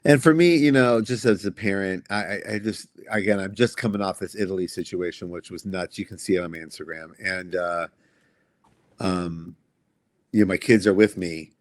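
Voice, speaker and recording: Low halting man, dry studio sound. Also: no room sound. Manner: halting, restarts often, reflective. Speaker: guest comic writer. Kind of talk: casual podcast conversation.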